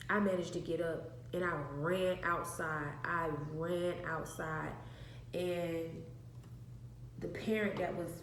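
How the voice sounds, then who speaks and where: A woman earnestly telling a personal testimony to viewers, often repeating phrases for emphasis. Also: on the low side. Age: adult with an infant. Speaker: vlogger sharing a personal testimony. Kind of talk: emotional personal storytelling. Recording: echoey room with faint noise.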